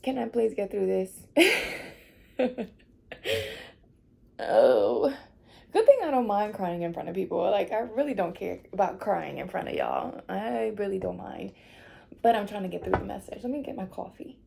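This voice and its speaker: A woman speaks to her viewers during a tarot reading, her voice gravelly and mellow. She is emotional and close to tears, laughing it off and reassuring her audience that everything will be okay. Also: medium pitch, very animated, unhurried, pauses often. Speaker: tarot reader.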